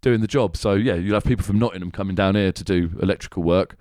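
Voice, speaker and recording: A man's voice: low voice, fast talker, a little mellow, no echo, clean studio sound. A man hosting a podcast, chatting casually in a rambling way, swearing and laughing often. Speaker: podcast host. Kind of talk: casual comedic chat.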